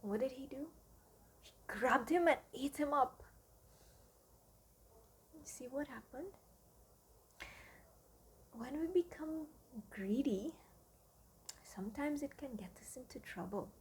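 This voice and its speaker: A woman teaching children with a story, gentle and often dropping to hushed asides. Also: sits high, expressive, takes it slowly, long pauses, a little hiss or hum.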